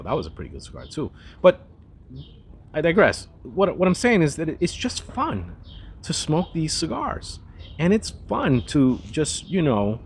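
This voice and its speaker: A man in the middle of a relaxed cigar review, rambling from one thought to the next. His voice sits at an ordinary middle pitch, and there is a faint hiss of background noise under it. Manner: rambling and chatty, with frequent restarts and asides. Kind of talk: casual cigar review monologue.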